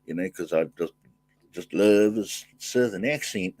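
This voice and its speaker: Older man hosting a rambling livestream. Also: fairly low pitch. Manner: halting, warm thanks, frequent fillers and restarts. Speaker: livestream host. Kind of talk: casual live chat, reading viewer comments aloud.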